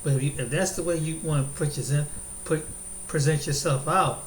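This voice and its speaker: Man, casual reaction commentary, rambling, slightly high voice, echoey room. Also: a little fast, slight background noise. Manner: rambling, many restarts and fillers, chuckles often. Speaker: video host reacting to a clip.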